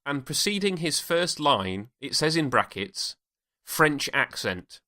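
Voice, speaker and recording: This male podcast co-host talks loosely about a TV episode, breaking into laughter and starting over a lot. He speaks unhurriedly in a slightly high voice that swings widely in pitch, with a sharp edge.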